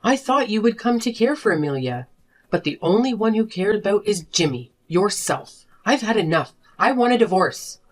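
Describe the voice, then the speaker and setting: A woman voicing a furious wife and mother who confronts her selfish husband in an animated drama. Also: mid-range voice, normal speed. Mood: fed up. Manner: sharp, accusing, confrontational. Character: fed-up wife and mother demanding divorce. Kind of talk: animated story voice acting.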